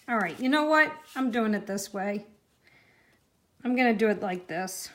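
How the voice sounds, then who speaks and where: A woman's voice: mid-range voice, expressive, moderate pace, long pauses, fairly bright tone. A woman hosting a live-streamed card-making class, chatty and reacting to viewer comments as she works.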